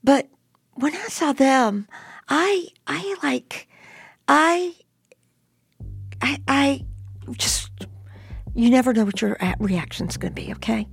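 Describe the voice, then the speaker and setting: A woman's voice: high voice, slow pace, gravelly, pauses often, husky, no room sound. An older woman vividly retelling a personal story to an interviewer, acting out what people said. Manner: lively, animated retelling with acted-out quotes.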